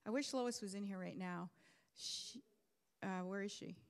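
Woman leading a church meeting, encouraging and inviting, mid-pitched, echoey hall. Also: a little slow, clean tone. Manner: encouraging, calls on people.

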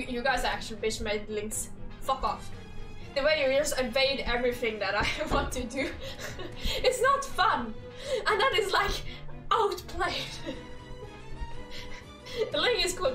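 A woman's voice: sits high, bright, forceful tone. A woman giving a casual, profane, exasperated rant about game characters, breaking into laughter often. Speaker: gaming creator. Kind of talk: casual ranting commentary. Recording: echoey room, distant mic, faint music.

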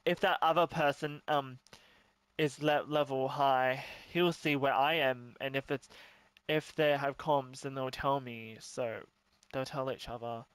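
A man's voice: medium pitch, a little slow, a bit bright, clean tone, no echo. Anxious, swearing male gamer. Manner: anxious, repeats himself, swears, self-pep talk. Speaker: gaming streamer. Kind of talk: live gameplay commentary.

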